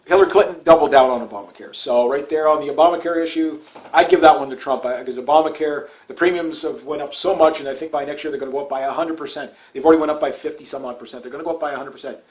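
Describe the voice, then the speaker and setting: A man's voice: on the high side, rapid-fire, rough recording. Rambling opinionated man from Canada. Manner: rambling, with frequent fillers and restarts; opinionated, dismissive. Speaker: political commentator. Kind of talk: casual solo commentary video.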